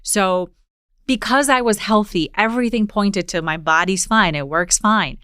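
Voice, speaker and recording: A woman's voice: mid-range voice, normal speed, clear, resonant tone, dry recording, clean studio sound. A woman in her forties from Poland, hosting a podcast and telling a personal story in casual conversation. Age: 40s. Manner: storytelling, animated retelling. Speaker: podcast host.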